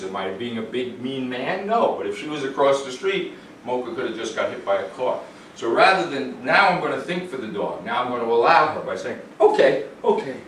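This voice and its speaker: Indoors in a home, a male dog trainer gives an instructional demonstration, calmly explaining things to the owners and offering the dog short, upbeat praise. His voice is medium-pitched, and the recording sounds roomy and distant with faint noise.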